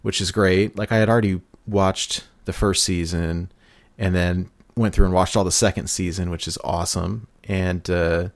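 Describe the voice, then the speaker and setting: A man casually telling a long story on a podcast, excited and laughing as he goes, often acting out quotes. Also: low-pitched, dry recording. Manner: animated storytelling, laughs, mimics people in quotes. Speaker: podcast host.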